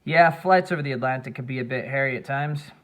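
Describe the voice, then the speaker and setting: A man's voice: medium pitch, fast talker, natural voice. Man doing a proud, fatherly old adventurer. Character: aging male adventurer anthropologist, warm and proud. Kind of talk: audiobook character voice.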